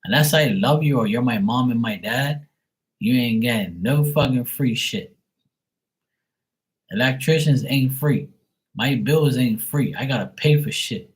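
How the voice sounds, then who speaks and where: A man's voice: medium pitch, measured pace, low-quality recording. A man chatting casually on a live tarot stream, blunt and swearing freely. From Bermuda.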